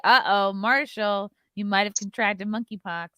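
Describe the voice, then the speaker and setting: A woman hosting a casual comedy talk show, trading quick teasing banter with her co-host. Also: mid-range voice, fairly even intonation, sharp tone.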